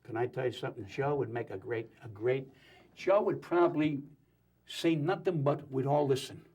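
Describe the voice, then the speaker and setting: A man talking as a guest on a talk show, telling jokes and opinions in a rapid, wisecracking way. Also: mid-range voice, a little mellow, husky, dull audio. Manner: rapid, joking, wisecracking storyteller. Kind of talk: animated talk show banter.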